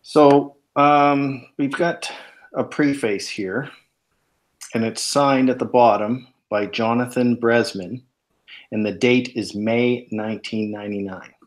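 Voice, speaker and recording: A man hosts a casual chat, reading text from a book aloud in a hesitant way packed with fillers. His mid-range voice holds a steady tone and moves slowly.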